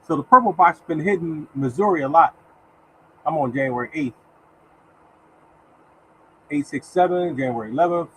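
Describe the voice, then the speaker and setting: A man hosts a casual live lottery stream, his voice sitting somewhat high for a man. He chats loosely with viewers, calls them by name and reads number after number aloud. A faint hum sits behind him. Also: normal speed, pauses often, rough recording. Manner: mutters softly to himself while searching. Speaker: lottery show host.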